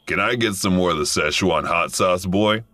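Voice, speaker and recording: A man voicing a gruff, amused old man customer who makes slow, dry remarks in a narrated story. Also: low-pitched, bright, forceful tone, dry recording.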